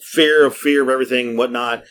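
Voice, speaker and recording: A man's voice: mid-range voice, fast, smooth. A middle-aged man hosting a podcast, telling rambling stories in casual, profane chat. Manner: profane, lively storytelling. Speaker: podcast host. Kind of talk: casual storytelling.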